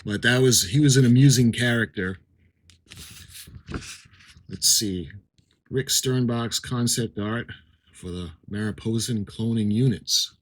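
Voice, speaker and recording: A man's voice: mid-range voice, measured pace, pauses often, low-quality recording. A middle-aged man giving casual unboxing commentary, reading captions aloud and adding chatty asides. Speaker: model-kit unboxing vlogger.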